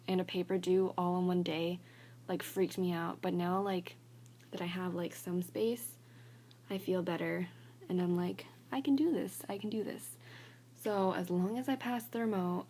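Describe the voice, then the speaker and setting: Her lowish, slightly mellow voice stays level at normal speed, with slight background noise. She's a young college student venting in a casual phone vlog, rambling, exasperated, and stuffing nearly every phrase with "like."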